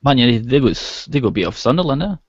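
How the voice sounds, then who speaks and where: A man's voice: mid-range voice, big pitch swings, fast, darkish tone, husky, dry recording. Easygoing man, dry muffled stream audio. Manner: easygoing, short prompting replies. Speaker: co-host of a film review live chat. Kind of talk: casual live-stream chat.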